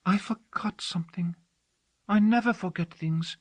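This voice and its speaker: A man's voice: mid-range voice, expressive, moderate pace, a bit bright, no echo, voice pushed up, natural voice. A man reading an audiobook, voicing a devoted young female servant who talks earnestly and dotingly. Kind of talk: audiobook character voice.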